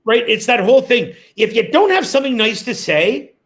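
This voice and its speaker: A former Canadian radio host, now the guest in a casual interview, tells animated stories and acts out the quotes. He has a very high voice and talks at a normal speed.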